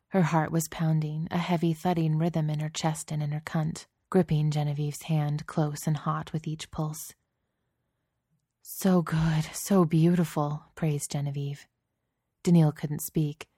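A woman narrating a scripted story in a steady, intimate reading voice, close to the mic. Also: deep voice, no echo.

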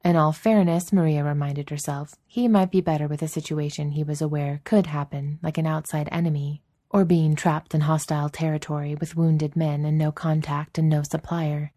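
Woman, audiobook narration, low pitch, warm dark tone, even delivery. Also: moderate pace, hardly any pauses, no echo, studio quality. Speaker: audiobook reader. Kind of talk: narrating a fan fiction story.

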